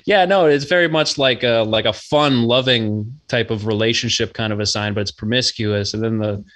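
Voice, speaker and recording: A laid-back man from Massachusetts rambles through a casual podcast chat, swearing freely and leaning on fillers as he searches for words. His voice sits at an ordinary mid pitch. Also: normal speed, a bit bright. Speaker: podcast guest.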